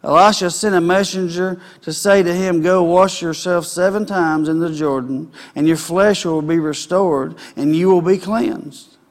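A man's voice: high voice, steady tone, unhurried. A man preaching a sermon, reading a Bible passage and then retelling it in plain, casual modern words, rising to emphatic points. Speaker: pastor.

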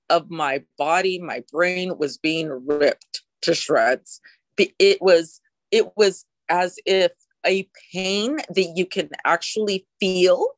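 A woman's voice: lowish voice, no room sound. A woman sharing her personal recovery story in an interview, talking in an emotional, frank way with occasional swearing.

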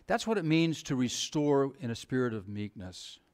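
A man's voice: medium pitch, big pitch swings, normal speed, darkish tone. A middle-aged male pastor preaching a sermon, asking the congregation rhetorical questions in a conversational way.

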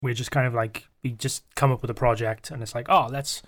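A man's voice: mid-range voice, little pitch movement, fast. Man, podcast co-host, casual banter, jokey, lots of ums. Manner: joking, laughs often, trails off with fillers. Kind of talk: casual chat.

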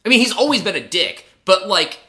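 Podcast cohost guy, super bright sharp voice, pitch bouncing all over, sarcastic and sweary. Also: fairly quick. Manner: animated, sarcastic, swears freely. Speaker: podcast co-host. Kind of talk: casual chat recapping a reality show.

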